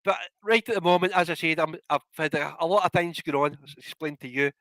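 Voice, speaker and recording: A man's voice: fairly high pitch, quick pace, a bit bright, no room sound, rough recording. A man with a Scottish accent chatting as a podcast guest, laughing often and breaking into rants. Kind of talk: casual podcast chat.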